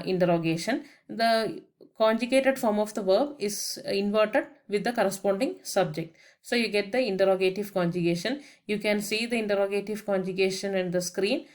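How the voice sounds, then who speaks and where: Brief: a woman as patient language teacher, grammar voice-over, slow spelling of each word. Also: medium pitch, a little mellow. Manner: methodical, spells words out letter by letter; explains each point with English translations. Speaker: French teacher.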